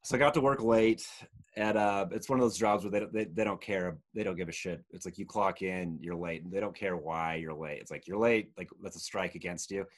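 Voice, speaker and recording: A man's voice: deep voice, fairly quick. A man from Utah, in his twenties or thirties, telling a rambling story in casual chat, full of fillers and laughs.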